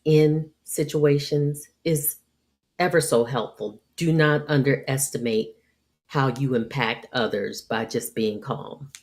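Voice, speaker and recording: A middle-aged woman hosting a leadership talk, giving calm, measured advice and acting out little everyday scenes. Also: rumbling low. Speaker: podcast host and leadership speaker.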